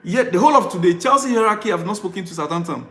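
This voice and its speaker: A man's voice: high-pitched, expressive, rapid-fire, a bit bright, reverberant. A man live-streaming as a football fan vlogger, ranting and pleading, repeating himself in exasperation.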